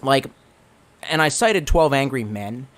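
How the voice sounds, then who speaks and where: A man chatting casually on a livestream, reading chat aloud, rambling and swearing, stammering through restarts and swinging between excited and gloomy. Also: mid-range voice, measured pace.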